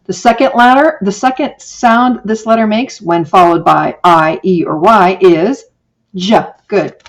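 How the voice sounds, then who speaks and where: A woman giving a screencast teaching demonstration from her office, modeling a phonics lesson slowly and deliberately. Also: medium pitch. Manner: slow, deliberate classroom modeling, drawing out sounds. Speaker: teacher educator. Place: home office. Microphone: webcam or laptop microphone.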